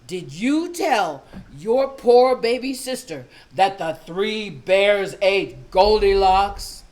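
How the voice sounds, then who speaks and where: A woman voicing a stern, angry mother who speaks slowly in a deep voice. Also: big pitch swings, a little mellow. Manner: slow, stern, drawn out.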